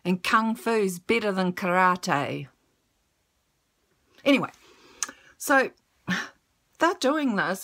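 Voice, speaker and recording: A woman recounts a personal story straight to camera, blunt and emotional, with plenty of swearing. She speaks slowly, and her voice sits a little high with a bright, forward edge. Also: expressive.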